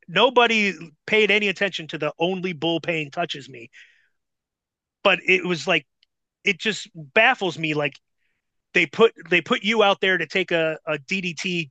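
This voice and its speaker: High-voiced, bright-toned man telling a story. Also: dry recording. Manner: profane, animated storyteller. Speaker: podcast guest, former wrestler. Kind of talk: casual anecdote telling.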